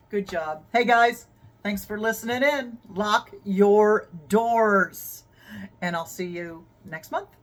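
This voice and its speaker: A woman hosting a self-defense show, telling a story in an earnest, measured way and laughing at her own slips. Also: mid-range voice, expressive, fairly bright tone. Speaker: host of a self-defense channel. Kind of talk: scripted storytelling narration.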